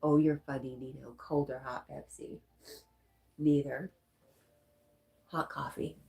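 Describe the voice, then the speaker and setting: A middle-aged woman with a low, stuffy-nosed voice hosts a relaxed live stream. She reads viewer comments aloud and answers them in an easy, chatty way. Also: takes it slowly, creaky. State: stuffy nose. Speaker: live stream host reading chat. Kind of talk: casual live stream chat.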